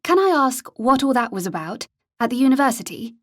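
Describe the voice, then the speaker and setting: A woman's voice: high voice, expressive, brisk, voice pushed up. A woman voicing an anxious, polite young heroine answering the police. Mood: nervous polite. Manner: polite, nervous.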